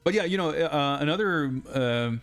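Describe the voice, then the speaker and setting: A man's voice: on the high side, expressive, normal speed, a bit bright, faint music behind. A man casually chatting while streaming a video game live, rambling with lots of fillers and asides.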